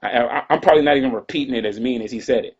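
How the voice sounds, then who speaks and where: Husky man telling a story, lo-fi stream. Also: medium pitch, racing. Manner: loose, drawling, with frequent asides and restarts. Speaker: rapper telling a story to fans. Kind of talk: casual livestream storytelling. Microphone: livestream computer mic. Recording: dull lo-fi livestream audio.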